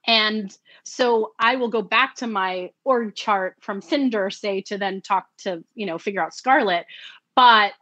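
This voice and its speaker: A woman's voice: medium pitch, a little slow, a bit bright, no echo, lo-fi sound. A woman who works as an audiobook narrator, chatting in an interview and acting out her own quoted thoughts with bursts of laughter. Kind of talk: conversational interview.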